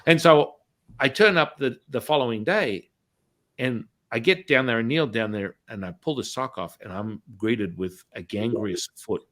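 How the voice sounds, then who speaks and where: A middle-aged man, hosting a talk show and telling a story in a lively, casual way, acting out the dialogue and swearing now and then. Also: mid-range voice, normal speed. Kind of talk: animated anecdotal storytelling.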